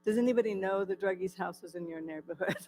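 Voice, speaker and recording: A woman's voice: medium pitch, a little fast, dark tone, a little hiss or hum, poor audio. A woman from California giving a personal testimony to a church audience, telling her story with many fillers and asking the audience questions. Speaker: guest speaker. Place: church hall.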